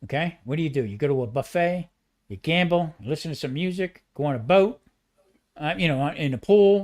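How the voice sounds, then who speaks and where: A man's voice: on the high side, a little fast. A man, a retired chef chatting casually and telling rambling stories with lots of restarts. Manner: rambling, excitable storyteller with frequent restarts. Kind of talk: casual chat.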